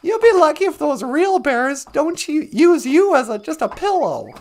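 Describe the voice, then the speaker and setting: A woman's voice: high voice, big pitch swings, a little mellow. A woman voicing a cocky, talkative male fox with a brash, teasing way of speaking. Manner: brash, teasing, fast-talking.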